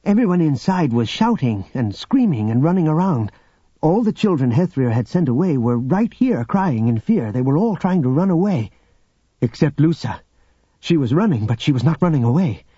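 A man narrating an audiobook in a steady, expressive storytelling manner. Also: on the high side, moderate pace, husky, dry recording. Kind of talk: scripted narration. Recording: dull lo-fi audio with music.

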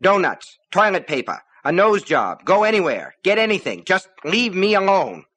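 Give me an agitated husband shouting, high and loud, played by a man. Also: sing-song, moderate pace, heavily acted.

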